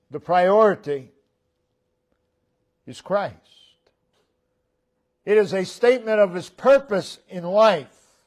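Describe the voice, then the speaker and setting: High-pitched, slow-preaching man pastor. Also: darkish tone. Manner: emphatic, repetitive preaching cadence, drops to low murmurs at phrase ends. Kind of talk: sermon. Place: church sanctuary.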